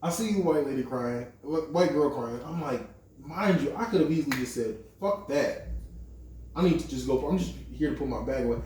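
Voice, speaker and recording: A young man on a podcast, voice on the high side and pace brisk, narrates a long personal story in loose, foul-mouthed talk. Animated, he acts out what others said with heavy quoted dialogue. There's a bit of hiss or hum, an echoey room, and a distant mic.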